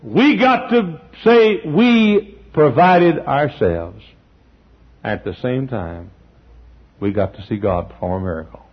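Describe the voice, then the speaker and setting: A male pastor preaching a sermon in a church, telling stories, acting out the people in them and often clearing his throat. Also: medium pitch, expressive, slow pace. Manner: storytelling, acting out quotes, frequent throat clearing. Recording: dull lo-fi sermon recording.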